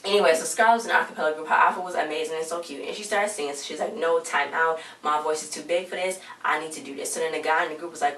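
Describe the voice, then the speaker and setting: A woman's voice: low voice, fast talker, few pauses, a bit bright. Chatty woman recapping a show, roomy and distant. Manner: chatty, slangy, retells scenes by acting out lines. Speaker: recap vlogger. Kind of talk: casual TV episode recap. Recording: roomy, distant home mic with faint noise.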